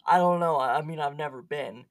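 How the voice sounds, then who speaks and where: A giggly podcast co-host in loose, casual chat with a medium-pitched voice. They read chat logs aloud, padding them with fillers and laughs. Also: fairly quick.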